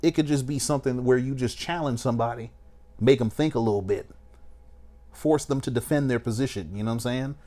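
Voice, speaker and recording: A young man reacts to a video and offers advice in casual commentary, his medium-pitched, mellow voice moving fairly quickly. He's emphatic and preachy, repeatedly saying "you know what I'm saying".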